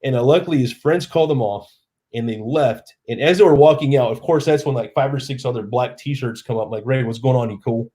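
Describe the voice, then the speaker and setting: A man hosting a live stream, telling a long, rambling story in a relaxed, self-deprecating way and acting out the lines of the people in it. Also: medium pitch, fairly quick.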